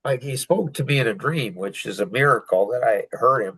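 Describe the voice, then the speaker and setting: An older man telling a painful personal story as a podcast guest, halting and full of restarts. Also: mid-range voice, lively intonation, sharp tone, husky, no echo, rough recording. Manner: halting, emotional retelling with many restarts.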